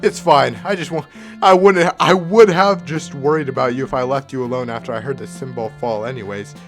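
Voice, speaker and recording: A man voicing a blunt, protective teenage friend who speaks softly and plainly in a story game. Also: medium pitch, a little fast, over music, close to an everyday voice. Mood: calm.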